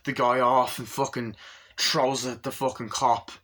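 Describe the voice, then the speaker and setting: A man's voice: medium pitch, flat delivery, a little slow, bright, forceful tone. A man giving a casual, rambling film review, swearing a lot and acting out scenes with sound effects.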